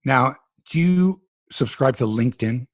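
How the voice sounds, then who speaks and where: A middle-aged man hosting a casual sports podcast, animated and sarcastic as he rants. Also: mid-range voice, measured pace, dry recording, clean studio sound.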